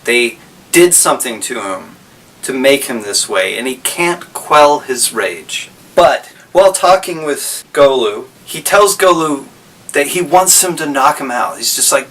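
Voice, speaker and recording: A man's voice: mid-range voice, animated, measured pace, fairly bright tone, recorded from a distance. A man casually recapping a story, rambling and correcting himself as he goes.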